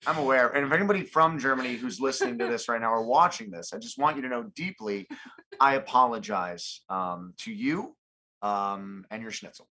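A man's voice: mid-range voice, fairly quick, sharp tone, slightly rough, poor audio. A man who is a magician, joking and riffing as a guest on a podcast. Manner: jokey, riffing with mock voices. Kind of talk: casual podcast chat.

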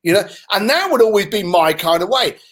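Animated London man telling stories. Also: high voice, brisk. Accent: London English. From London, England. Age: 50s. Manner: animated, swearing, laughs while telling stories. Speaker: interview guest. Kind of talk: casual storytelling in conversation.

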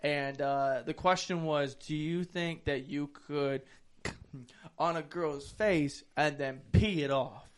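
A man's voice: a little high, fairly even intonation, slow pace, smooth. A man hosting a podcast, chatting loosely and crudely, rambling through explanations with plenty of swearing. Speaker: podcast host. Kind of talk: casual crude podcast banter.

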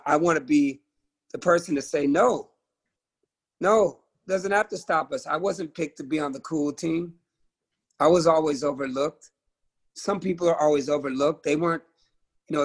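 A middle-aged man, a musician guest on a video call, talking with passion and emphasis and swearing freely. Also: on the high side. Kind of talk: candid conversational interview.

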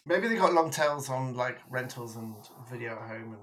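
A British man co-hosting a film podcast, chatting casually, laughing often and breaking into animated bits. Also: medium pitch, moderate pace, a crowd in the background, low-quality recording. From Britain. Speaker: podcast co-host. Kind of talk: casual film review chat.

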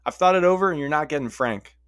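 A stubborn young girl stands up to a monster in high, indignant outbursts, as a man voices her in a spoken story. The voice is pushed well above a normal speaking pitch and sounds dry and close. She is defiant and hard to brush off. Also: lively intonation, fast, fairly bright tone, no room sound.

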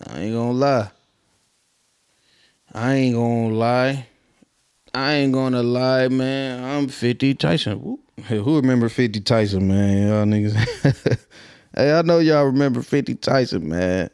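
Laid-back man riffing with a smooth voice. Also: mid-range voice, a little slow, long pauses, a little mellow. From Minnesota. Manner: loose, laughing, slangy street talk. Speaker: commentary vlogger. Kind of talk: casual commentary to camera.

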